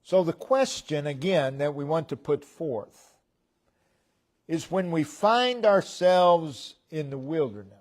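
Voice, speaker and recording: A man delivers a sermon in a church at an unhurried, measured pace. His voice sits slightly high for a man, and he breaks his points into short phrases that fall away at the ends. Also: expressive, a little mellow. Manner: slow, deliberate preaching with pauses between phrases. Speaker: preacher.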